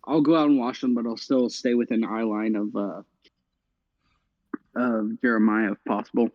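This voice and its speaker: A man's voice: lowish voice, steady tone, normal speed, no echo, highs cut off. A man playing a tabletop game, speaking hesitantly with fillers. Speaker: player.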